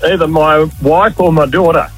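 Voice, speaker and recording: A man's voice: a little high, moderate pace, husky, faint music behind, poor audio. A man, a radio contest caller giving brief, laid-back answers from his truck over the phone. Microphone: phone line.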